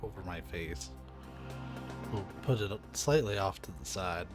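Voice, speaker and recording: A man's voice: sits low, unhurried, over music. A man hosting a live gameplay recording, reading out the dialogue and tossing in joking asides. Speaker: gaming channel host.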